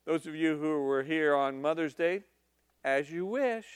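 High-voiced, unhurried male preacher. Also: lively intonation, slight background noise. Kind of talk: sermon.

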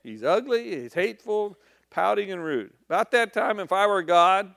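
A man's voice: high voice, lively intonation, normal speed, vocal fry, a bit bright, no room sound, clean studio sound. A man preaching a sermon in a conversational, emphatic storytelling manner.

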